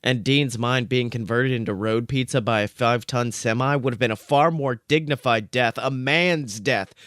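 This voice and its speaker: A man reading out comic fan fiction in a dry, deadpan narrating voice. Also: mid-range voice, moderate pace, dry recording.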